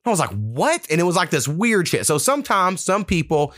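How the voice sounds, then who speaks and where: A man's voice: high voice, expressive, fast, a bit bright, no echo, clean studio sound. Profane, rambling male podcast host. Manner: loose, profane storytelling with many fillers. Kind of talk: casual podcast chat.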